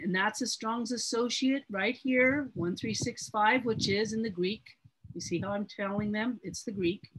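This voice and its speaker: A woman's voice: mid-range voice, a bit bright, husky, low-quality recording. A woman teaching a Bible study class in an earnest, emphatic way, often repeating her words.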